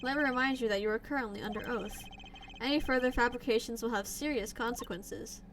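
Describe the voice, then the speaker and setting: A woman's voice: fairly high pitch, brisk, fairly bright tone, a little hiss or hum, close to an everyday voice. A woman voicing a stern older male judge in a courtroom game, speaking formally.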